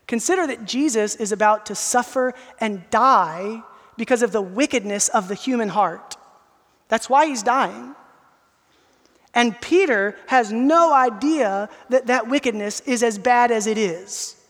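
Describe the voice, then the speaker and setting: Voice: medium pitch, a little slow, fairly bright tone, in a large hall. A pastor preaching an expository sermon, earnest and emphatic, speaking directly to the listeners.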